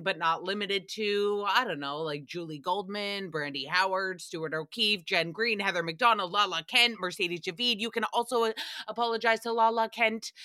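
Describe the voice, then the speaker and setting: A woman's voice: mid-range voice, sharp tone, no echo, studio quality. A woman hosting a casual recap podcast, sassy and blunt, with sarcastic jokes and frequent swearing. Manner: sarcastic jokey asides. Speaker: podcast host.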